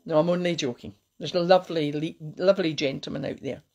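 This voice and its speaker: A woman giving a light, cheeky talk to her viewers and slowing down to recite verse. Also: sits low, fairly even intonation, darkish tone. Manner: cheeky, playful, slows down to recite. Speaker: host giving a Burns Supper talk. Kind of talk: casual talk with poetry recitation.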